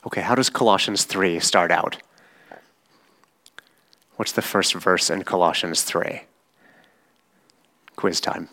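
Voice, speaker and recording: A man delivers a sermon in a lowish voice. He speaks very slowly and deliberately, like a patient teacher, and often checks in with his listeners. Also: pushed and bright. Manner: slow, measured teaching with frequent "right?" checks. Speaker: pastor.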